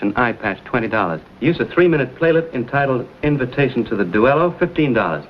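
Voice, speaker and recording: A man's voice: medium pitch, lightly acted. A man playing a wry frontier adventurer. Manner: wry, easygoing, cocky. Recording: dull old TV audio with hiss.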